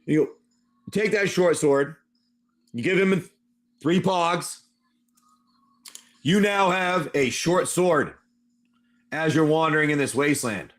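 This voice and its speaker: A man's voice: fairly high pitch, takes it slowly, long pauses. A man hosting a live stream who narrates a tabletop wasteland adventure as game master, rambling loosely and calling on his players by name.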